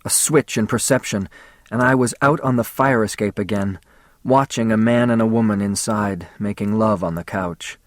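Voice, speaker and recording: A man narrating a story in the first person, in a measured, intimate audiobook reading. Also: lowish voice, dry recording, clean studio sound.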